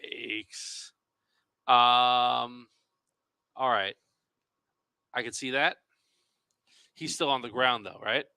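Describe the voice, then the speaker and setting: A man playing in a tabletop game, eager and reacting loudly to the dice. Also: mid-range voice, fairly even intonation, very slow, gravelly, long pauses, clear, resonant tone, no echo. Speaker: player.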